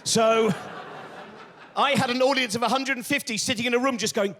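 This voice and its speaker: A man's voice: extremely high pitch, steady tone, a little fast, fairly bright tone, slight background noise. A man doing stand-up comedy on stage, ranting and swearing with exasperated energy.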